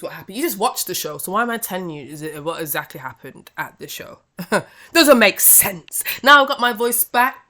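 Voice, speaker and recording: A woman hosting a wrestling review podcast, talking in an exasperated, animated, chatty way. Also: on the low side. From Britain. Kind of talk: casual review rant.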